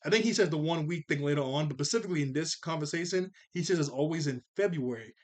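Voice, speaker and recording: A man's voice: fairly high pitch, fast, darkish tone. A young man giving a casual, playful recap of a cartoon episode, laughing often as he talks. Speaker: cartoon reviewer.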